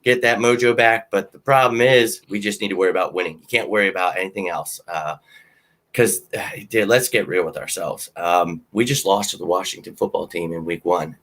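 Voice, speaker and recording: A man hosting a casual sports talk show, animated and jokey. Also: deep voice. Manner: animated, jokey fan banter. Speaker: podcast host.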